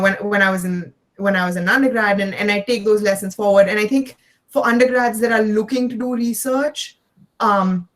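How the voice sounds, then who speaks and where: A young woman from India with a mix of Indian and American accents, chatting as an interview guest with quick laughs and restarts. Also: on the high side. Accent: Indian English mixed with American. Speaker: guest, neuroscience PhD student. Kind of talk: casual interview chat.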